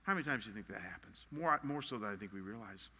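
A man's voice: on the low side, animated, fast, sharp tone, breathy edge, long reverb tail. A man preaching a sermon as a pastor, earnest and emphatic in a conversational way.

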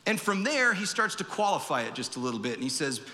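High, bright-voiced man preaching. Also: very animated, fast, big-room sound. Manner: conversational, acts out quoted voices. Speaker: pastor. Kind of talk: sermon. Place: church.

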